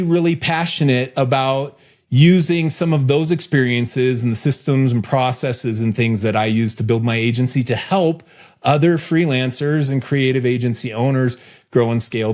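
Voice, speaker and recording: A man hosting a casual podcast chat, playful and animated, often laughing. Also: mid-range voice. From United States. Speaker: podcast host.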